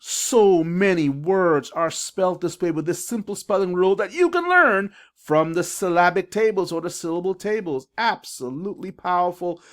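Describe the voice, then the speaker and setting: A man's voice: sits high, lively intonation, moderate pace, few pauses, fairly bright tone. A middle-aged man coaching parents on reading, who sounds out syllables and spelling rules with emphasis. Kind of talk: instructional video for parents. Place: classroom or school office.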